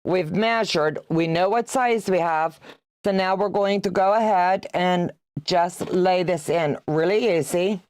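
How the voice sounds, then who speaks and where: A woman's voice: lowish voice, unhurried, a little mellow, clear, resonant tone, no echo, clean studio sound. A woman in her sixties hosting a quilting livestream. She chats casually while she sews, teases viewers and greets them by name, and laughs often. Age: 60s. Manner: chatty and teasing, reads out viewer comments, laughs often.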